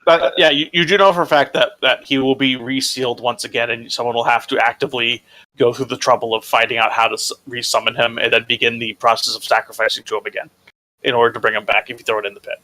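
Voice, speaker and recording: A man's voice: mid-range voice, flat delivery, fast talker, sharp tone. A man narrating as dungeon master in a casual tabletop game, often stumbling and repeating words.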